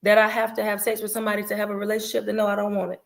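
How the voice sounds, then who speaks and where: A woman's voice: medium pitch, completely flat delivery, racing, creaky. A woman in her forties, co-hosting a podcast in casual, candid and emphatic chat. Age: 40s. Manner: candid, emphatic, preachy at times. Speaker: podcast co-host.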